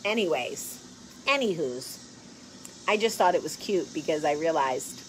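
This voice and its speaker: A woman in her forties hosting a casual chat to camera. She is blunt, profane and joking, laughs often, and swings from hushed earnest talk to loud animated bursts. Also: sits low, measured pace, a little hiss or hum, rough recording. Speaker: show host.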